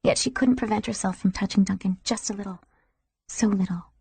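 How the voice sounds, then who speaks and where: Woman audiobook narrator, soft and intimate with a mellow, breathy tone and a dry sound. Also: mid-range voice, fast talker, no echo. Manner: soft, intimate, sometimes whispering.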